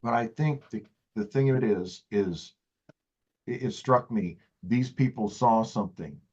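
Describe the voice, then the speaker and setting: A man with a lowish voice hosts an interview, speaking earnestly and enthusiastically. He restarts his phrases as he works toward his point. The audio is dull and lo-fi, like a remote call. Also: a little slow, a little mellow, slightly rough. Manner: earnest, enthusiastic, repeats words as he builds a point. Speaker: interview host. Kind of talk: casual interview chat.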